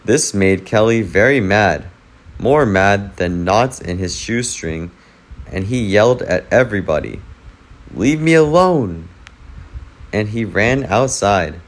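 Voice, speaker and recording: Male narrator, children's story, calm, slow, low-pitched. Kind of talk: reading a children's picture book aloud.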